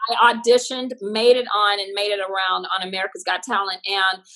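A woman comedian from Texas telling stories in a casual interview, animated and expressive. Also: medium pitch, brisk, rough recording. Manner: animated, expressive, laughs often. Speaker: comedian guest.

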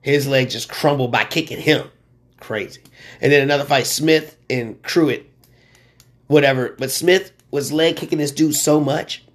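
A man hosting a sports talk show, rambling and excitable with lots of slang. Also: medium pitch. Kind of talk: casual sports commentary.

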